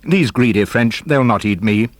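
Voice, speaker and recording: A man's voice: mid-range voice, animated, moderate pace, no echo, natural voice. A man voicing a cool, polite giant snail in a children's audiobook. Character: unflappable giant male snail.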